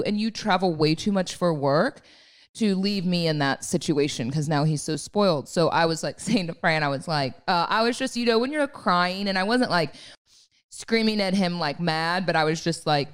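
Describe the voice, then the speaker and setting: A woman in her thirties co-hosting a podcast, telling a story in animated casual chat with lots of fillers. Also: on the low side, moderate pace, clean tone. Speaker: podcast co-host.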